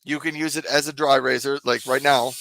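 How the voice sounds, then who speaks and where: Gravelly, bright-voiced co-host man. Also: medium pitch, fairly even intonation, fairly quick, low-quality recording. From South Dakota, US Midwest. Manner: giggly, breaks up laughing. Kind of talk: casual live-stream banter.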